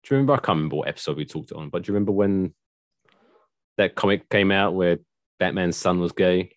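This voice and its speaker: A man's voice: sits low, fast talker, dry recording, clean studio sound. A man hosting a podcast in casual chat, rambling and sarcastic as he tells news stories, swearing freely.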